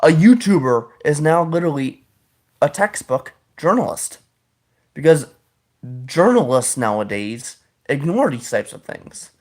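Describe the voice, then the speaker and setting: A man's voice: on the high side, very animated, a little slow. A man hosting a podcast, talking in a casual, opinionated monologue that rambles, stalls and corrects itself. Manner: rambling, with frequent restarts and self-corrections; opinionated, politically outspoken. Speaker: podcast host.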